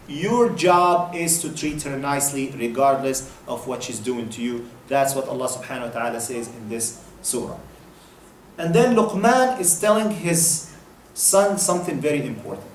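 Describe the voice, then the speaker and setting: A man's voice: medium pitch, expressive, moderate pace, echoey room, a little hiss or hum, low-quality recording. A man giving an earnest sermon of advice, repeating key points and acting out brief exchanges. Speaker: preacher.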